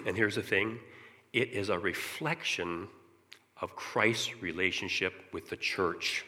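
A middle-aged man giving an earnest personal testimony in church, often clearing his throat as he talks. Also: low voice, slow, sharp tone. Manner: earnest, candid storytelling. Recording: long reverb of a large hall.

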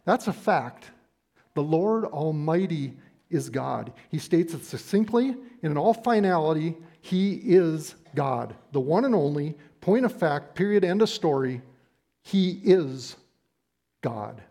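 A middle-aged man preaching a sermon, emphatic and deliberate, slowing down to stress key phrases. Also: on the high side, lively intonation, vocal fry, mellow.

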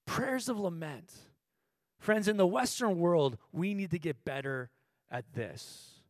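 Male pastor, high-pitched, dry close recording, impassioned sermon delivery. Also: lively intonation, takes it slowly, no room sound. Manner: swings from low, quiet teaching to loud, impassioned preaching; asks the audience questions.

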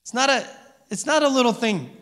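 A man's voice: very high-pitched, animated, a little fast, a bit bright. A pastor giving a conversational sermon, often checking in with his listeners by asking "amen?" and "okay?". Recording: reverberant hall.

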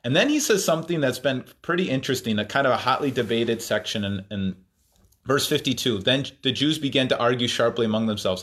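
A man's voice: mid-range voice, animated, a little fast, a bit bright. Man preaching through a scripture passage. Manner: thoughtful, many fillers and restarts. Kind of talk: sermon, reading and explaining scripture.

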